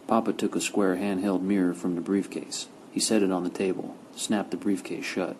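A man narrating a first-person crime novel with steady, gritty storytelling. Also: sits low, a little fast, a little hiss or hum, low-quality recording. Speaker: audiobook narrator.

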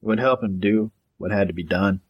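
A man narrating a gritty crime novel in a steady, matter-of-fact audiobook reading. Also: lowish voice, brisk, slightly rough, muffled recording.

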